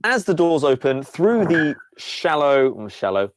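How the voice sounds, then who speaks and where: A man's voice: a little high, very animated, unhurried, no room sound. A man narrating a tabletop game as game master, with a rambling, playful delivery full of fillers.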